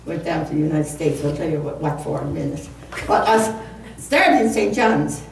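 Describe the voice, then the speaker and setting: In a low, gravelly, animated voice at normal speed, a woman in her seventies spins a rambling, humorous story for a live community concert audience and chuckles at herself as she goes. The community hall is echoey, the mic is distant, and faint room noise can be heard.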